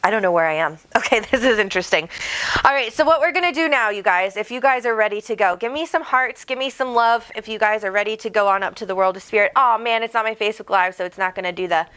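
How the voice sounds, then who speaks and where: A woman's voice: medium pitch, fast talker, a bit bright, clear, resonant tone. Bubbly woman chatting on a livestream. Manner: bubbly, chatty, reads out viewer comments. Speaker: psychic medium host. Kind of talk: casual livestream chat. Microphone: desk microphone.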